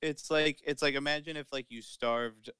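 A man's voice: a little high, fairly even intonation, moderate pace, sharp tone, clean tone, dry recording. A young man co-hosting a podcast, rambling casually with fillers and joking riffs. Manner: rambling, many fillers, riffs into silly bits. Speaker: podcast co-host.

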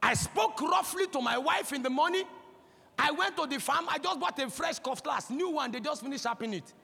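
A man in his forties with a Nigerian accent, preaching a sermon as a pastor, impassioned and breaking into shouts. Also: very high voice, expressive, brisk, creaky. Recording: long hall reverb.

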